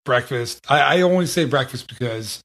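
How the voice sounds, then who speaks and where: A man's voice: medium pitch, animated, normal speed, a bit bright. A man hosting a casual podcast, telling easygoing, self-deprecating stories. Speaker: podcast host.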